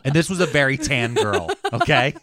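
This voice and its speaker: A man's voice: mid-range voice, huge pitch swings, normal speed, fairly bright tone. A man co-hosting a podcast, telling a story in a casual, jokey, profane way. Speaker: podcast co-host.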